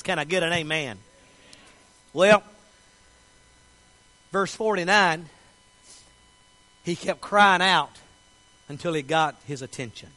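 A male pastor preaching a sermon with passion, moving from quiet asides to shouted declarations. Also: sits high, low-quality recording. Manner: impassioned, swinging from soft asides to shouted declarations.

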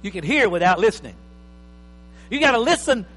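Emphatic preacher man, bright tenor. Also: high-pitched, sing-song, brisk. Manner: emphatic, varies volume from loud bursts to quiet asides. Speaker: pastor. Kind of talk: sermon. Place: church hall. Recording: reverberant hall with faint mains hum.

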